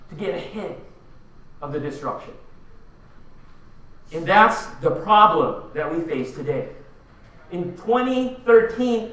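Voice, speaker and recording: A man's voice: high-pitched, bright, forceful tone, far from the mic. A man from the Philippines giving a punchy conference keynote, firing rhetorical questions at the audience. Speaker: keynote speaker. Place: large conference hall. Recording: echoey hall, voice from afar.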